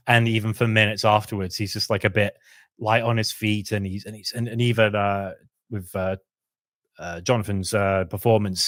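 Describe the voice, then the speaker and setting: A podcast co-host with a lowish voice talks about lore in a casual, lively way, frequently slipping into quick put-on voices for the characters he describes. The recording is close and dry, with no room sound.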